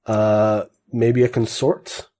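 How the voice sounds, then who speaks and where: A man narrating as game master of a tabletop game, halting and self-correcting as he goes. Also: fairly low pitch, flat delivery, warm tone.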